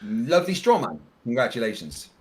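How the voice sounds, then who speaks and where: A man's voice: medium pitch, huge pitch swings, a little fast, low-quality recording. A man in a casual debate, pressing his opponent with direct questions.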